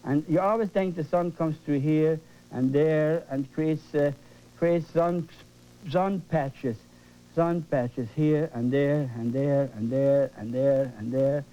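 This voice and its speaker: Slow, dark-voiced painting teacher, lo-fi. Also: male voice, a little high, fairly even intonation. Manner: fervent, repetitive, coaxing. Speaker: painting instructor. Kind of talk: live painting demonstration. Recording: dull lo-fi broadcast recording.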